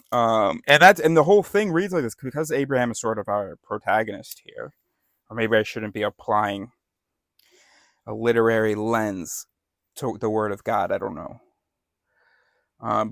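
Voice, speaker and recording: A man's voice: on the low side, gravelly, dry recording, clean studio sound. A man giving casual, irreverent commentary on a scripture reading, joking and correcting himself as he goes. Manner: irreverent, joking, self-correcting, laughs often. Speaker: bible study host.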